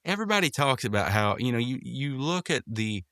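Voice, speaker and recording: A podcast host with a medium-pitched, fairly bright voice talks a little fast, his pitch swinging widely, in clean studio sound with no room noise. He casually recaps a cartoon episode, rambling through fillers and restarts and quoting characters in raised voices.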